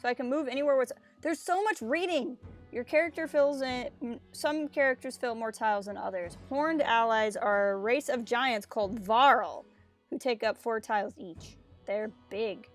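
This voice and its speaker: Woman streamer with a fairly high voice, casual and jokey gameplay commentary, game music faint underneath. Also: moderate pace. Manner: chatty, joking, reads on-screen text aloud.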